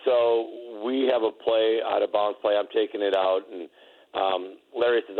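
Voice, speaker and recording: A man's voice: on the low side, moderate pace, phone-quality sound. A middle-aged man, a former basketball player, telling laughing anecdotes in a casual interview, with lots of restarts.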